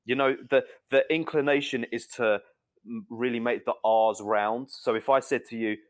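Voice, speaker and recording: A man's voice: medium pitch, normal speed. A British man, a guest on a podcast, chatting casually and joking. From Britain. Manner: animated, joking, does mock accents.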